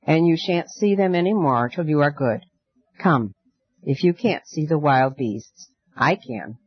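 A man reading as a gentle, soothing night girl. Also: fairly high pitch, animated, a little slow, breathy edge, dry recording. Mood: coaxing. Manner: soft, coaxing, earnest. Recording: dull lo-fi dry recording.

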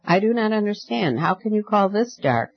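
A man's voice: high-pitched, lively intonation, normal speed, vocal fry, no echo, dull audio, pitched above the performer's own voice, exaggerated voice. A man reading as a trembling frightened youth. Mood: bewildered. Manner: trembling, awed, half whispering. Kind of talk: audiobook storytelling.

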